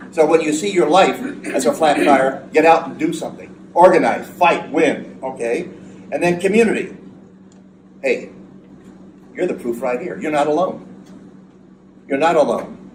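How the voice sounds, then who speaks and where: An older man, a psychotherapist, giving an earnest, emphatic speech to an audience and often repeating words. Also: fairly high pitch. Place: hall at a veterans' event. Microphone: far from the mic. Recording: echoey room from far off with audience noise.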